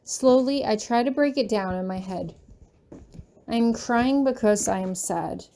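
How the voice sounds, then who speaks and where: Woman, fanfiction reader, first-person narration, earnest and emotional, higher voice, mellow tone. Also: unhurried, slight background noise.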